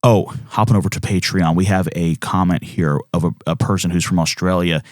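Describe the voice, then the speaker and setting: Jokey low-voiced male podcast co-host. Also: brisk, no room sound, clean studio sound. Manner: jokey, animated, with many restarts. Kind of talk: casual chat, reading listener comments.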